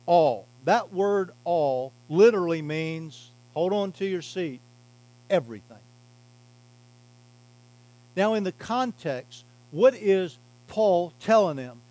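A male pastor with a high voice delivers an emphatic sermon, leaning hard on key words and dropping his voice low at the ends of thoughts. He speaks at an unhurried pace in a dry, close recording. A faint mains hum sits underneath. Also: animated, no room sound, rough recording. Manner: emphatic preaching, varying loudness and pace.

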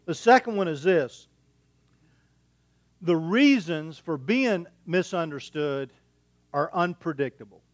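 Folksy middle-aged pastor, slightly high voice. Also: male voice, lively intonation, slow pace, pauses often, dry recording. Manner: folksy and conversational, with homespun humour and rhetorical questions. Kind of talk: sermon.

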